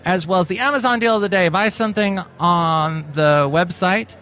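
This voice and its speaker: A man's voice: high voice, moderate pace, sharp tone, smooth. A man hosting a casual comedy podcast, jokey and rambling with silly asides. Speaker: podcast host.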